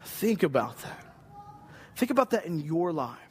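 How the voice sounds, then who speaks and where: A man's voice: a little high, very animated, measured pace, husky. A man preaching a sermon, earnest and emphatic, repeating key phrases for weight. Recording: long hall reverb.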